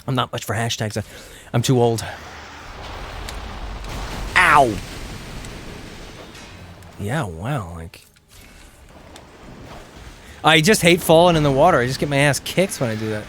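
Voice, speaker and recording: A man streaming a video game with casual commentary, excitable, swearing and begging his character to survive. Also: medium pitch, slow pace, pauses often, slight background noise. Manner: excitable, begs and yells at the game, swears freely.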